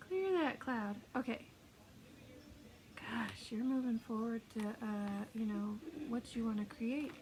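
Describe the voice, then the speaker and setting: A woman giving a casual intuitive tarot reading, chatty and self-mocking, laughing often and sometimes dropping into soft whispers. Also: on the high side, slow pace, long pauses, a little hiss or hum, low-quality recording. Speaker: tarot reader.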